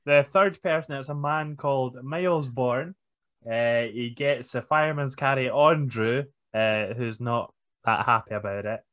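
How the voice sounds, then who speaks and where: A man co-hosting a podcast, recapping matches in a casual, unhurried way with lots of fillers. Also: mid-range voice, a bit bright. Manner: unhurried, hesitant with many fillers. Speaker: podcast co-host. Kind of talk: casual chat recapping wrestling.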